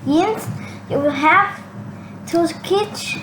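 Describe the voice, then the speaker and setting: A woman doing shadowing practice, slowly and haltingly repeating cartoon lines with small slips. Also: very high-pitched. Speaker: English learner. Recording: noisy home recording.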